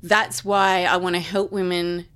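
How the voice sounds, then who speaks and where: A woman's voice: on the low side, flat delivery, unhurried, fairly bright tone. Earnest Australian woman, reassuring. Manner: earnest, reassuring, many "like" and "you know". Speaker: naturopath guest. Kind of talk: casual interview chat.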